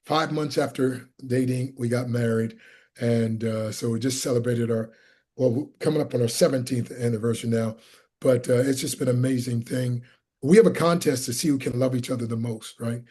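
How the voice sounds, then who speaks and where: Appearing as an interview guest, this motivational speaker and evangelist from Pennsylvania tells stories in a husky voice at a slightly fast pace. He is animated and voices the people he quotes with big leaps in pitch.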